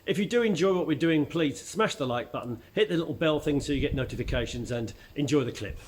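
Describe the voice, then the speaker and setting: Croaky-voiced man with a Cockney accent. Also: on the high side, lively intonation, fast talker, noisy background. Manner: chatty, with frequent fillers and restarts. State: croaky voice from illness. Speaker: aikido instructor and channel host. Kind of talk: casual talk to camera.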